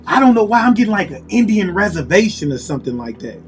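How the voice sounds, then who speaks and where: A man with a high-pitched voice gives a casual tarot reading, musing aloud and repeating himself as he calls on spirit. Soft music plays faintly behind him. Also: big pitch swings, fast talker. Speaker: tarot reader.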